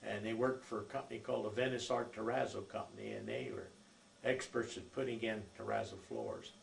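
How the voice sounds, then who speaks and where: Older male narrator, rough gravelly voice, easygoing anecdote-teller, roomy recording. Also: lowish voice, expressive, a little fast. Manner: rambling folksy storytelling with many fillers. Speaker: oral history narrator. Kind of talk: recorded life-story reminiscence. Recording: echoey room with faint noise.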